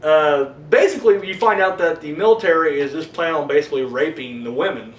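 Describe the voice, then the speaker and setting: A fast-talking man with a slightly high voice gives a casual, rambling horror movie review, swearing freely and using lots of fillers. The room is echoey, and he sounds a bit far from the mic.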